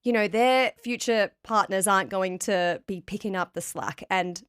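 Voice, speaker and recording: A woman's voice: mid-range voice, moderate pace, fairly bright tone, clean tone, no room sound. Woman podcast host; supportive, affirming chat, close and dry recording. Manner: supportive, frequent short affirmations. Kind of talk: casual interview chat.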